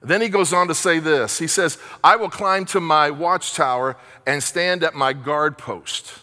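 A man's voice: fairly high pitch, pushed and bright, in a large hall. A man preaching a sermon as pastor, earnest and repetitive, asking rhetorical questions.

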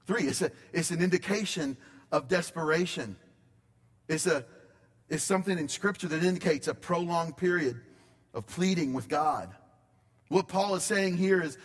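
A pastor preaching a sermon in a conversational style, with dramatic pauses. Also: male voice, fairly high pitch, big-room sound.

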